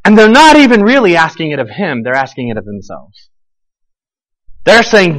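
A man preaching a sermon, animated and questioning his listeners, voicing the people in the story as he goes. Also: on the high side, brisk, low-quality recording. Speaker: pastor.

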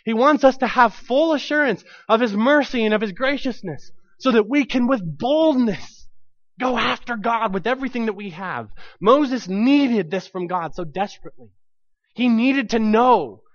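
A man's voice: very high voice, lively intonation, normal speed, a bit bright, no echo, highs cut off. A man preaching a sermon to his congregation, telling the story with animation and acting out the voices in it.

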